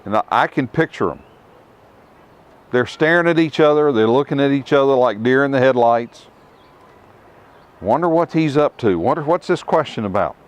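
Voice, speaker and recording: A middle-aged man teaching scripture outdoors to a tour group, emphatic, with rhetorical questions and dramatic pauses. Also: mid-range voice, animated. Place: outdoors at ruins.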